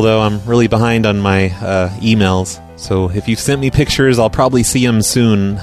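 A man hosting a casual podcast, chatting offhand and making sarcastic jokes. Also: on the low side. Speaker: podcast host.

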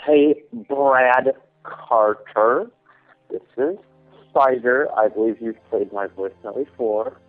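A man's voice: mid-range voice, slow. A man leaving a voicemail, complaining with half-joking indignation. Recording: tinny voicemail with faint music.

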